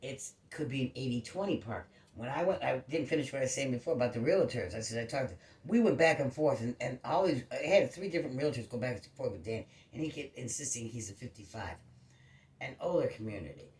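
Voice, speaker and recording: A woman's voice: very deep voice, quick pace, reverberant. A woman telling a long, rambling story about her neighbors in casual chat, swearing freely. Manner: rambling, profane, animated storytelling.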